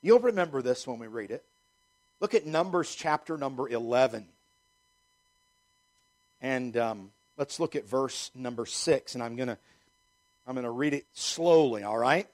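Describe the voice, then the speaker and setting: A man's voice: mid-range voice, lively intonation, moderate pace, pauses often. A middle-aged male pastor preaching a sermon emphatically, throwing rhetorical questions at his congregation.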